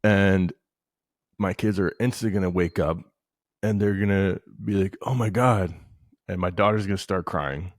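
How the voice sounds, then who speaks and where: A man in his thirties co-hosting a podcast, telling stories in profane, rambling, animated casual banter. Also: low voice, fairly quick, no room sound, studio quality. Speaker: podcast co-host.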